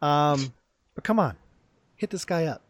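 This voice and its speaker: A man's voice: a little high, expressive, unhurried, no echo. A man hosting a casual gaming chat, playful and hyping up his guest. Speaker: podcast host.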